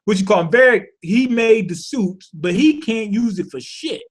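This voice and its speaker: A man with a fairly high voice talks through a cartoon episode in a relaxed, profane recap. He pads his thoughts with slang and fillers and keeps stopping to ask rhetorical questions. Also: normal speed, breathy edge. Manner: animated, thinks aloud with rhetorical questions. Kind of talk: casual spoken recap.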